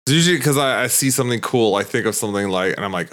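A man's voice: on the low side, fast talker, fairly bright tone. A man chatting casually before a tabletop game, rambling through a story, swearing a lot and laughing often.

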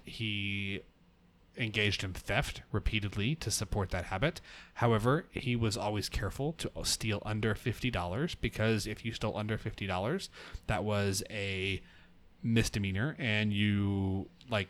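Man host, low-pitched, earnest and rambling. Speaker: podcast host. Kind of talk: casual political chat.

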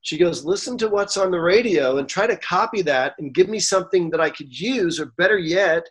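A man in his forties tells a story from his career, voice sitting a touch high. He acts out the dialogue with lively energy and sometimes gets emotional. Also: fairly quick, breathy edge. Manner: animated, acts out quoted dialogue. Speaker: songwriter guest. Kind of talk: storytelling interview.

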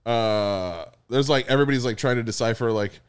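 A man's voice: mid-range voice, brisk, clean tone. A man co-hosting a podcast, trading crude jokes in casual chat, laughing often and rambling with fillers.

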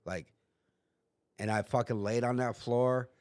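A man's voice: mid-range voice, steady tone, unhurried, a little mellow, no room sound, studio quality. A man guest on a podcast, telling a story in casual chat, swearing freely and acting out what other people said. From United States. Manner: profane, acts out other people's lines in quotes.

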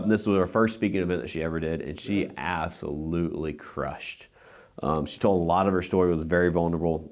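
A man's voice: low-pitched, a little mellow. A man in his thirties co-hosting a podcast, recapping conference speakers in a loose, enthusiastic way with plenty of fillers. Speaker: podcast co-host.

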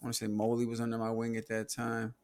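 A man in relaxed podcast chat, reminiscing with drawn-out fillers. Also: mid-range voice. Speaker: podcast guest. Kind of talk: casual chat.

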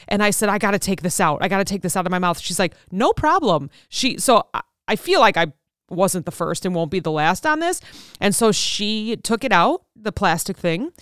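A woman's voice: fairly low pitch, clean tone, no room sound, clean studio sound. A woman podcast host telling a personal story in a candid, conversational way. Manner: candid and conversational, with frequent fillers.

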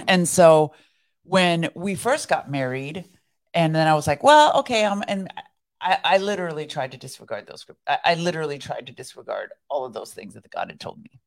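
A woman's voice: low-pitched, lively intonation, normal speed, gravelly. A woman co-hosting a podcast, telling her faith story in an earnest, reflective way. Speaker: podcast co-host. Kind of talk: casual faith conversation.

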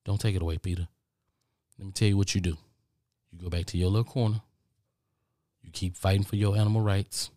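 A man's voice: sits low, mellow, no echo, clean studio sound. A middle-aged man from the United States hosting a podcast, ranting in a casual monologue with lots of repetition and swearing. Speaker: podcast host.

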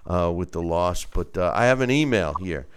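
A man hosting a casual sports talk show, speaking animatedly and wryly, with halting fillers. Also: low-pitched, lively intonation, slight background noise. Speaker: host. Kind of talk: casual sports radio chat.

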